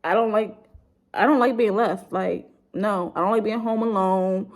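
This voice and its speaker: Young woman YouTuber, grieving storytime, rambling and blunt, mid-pitched voice. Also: moderate pace. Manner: rambling, heavy use of "like", blunt and profane. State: grieving, subdued. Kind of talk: emotional storytime vlog.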